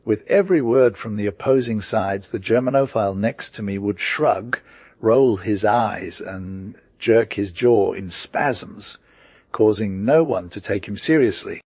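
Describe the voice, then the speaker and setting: A man narrating a first-person audiobook in a steady, measured way. His voice sits low and has a husky grain. The sound is close and dry, with no room around it. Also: dry recording.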